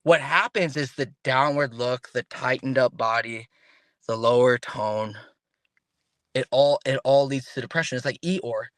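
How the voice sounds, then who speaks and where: A man speaking as a guest on an interview podcast in casual, animated talk. He often restarts his sentences and acts out the voices of the people he quotes. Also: medium pitch, unhurried, no room sound.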